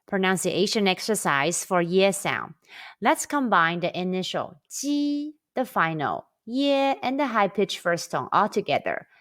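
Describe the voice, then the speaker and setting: A woman narrating a language lesson, drilling sounds slowly and carefully for learners to repeat. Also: medium pitch, big pitch swings, a bit bright. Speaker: language teacher.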